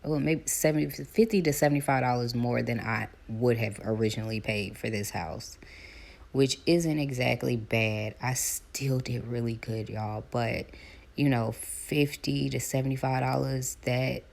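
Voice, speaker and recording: A woman, chatting casually to her viewers while doing her hair, animated as she retells her calls. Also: a bass voice, unhurried, vocal fry. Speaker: vlogger.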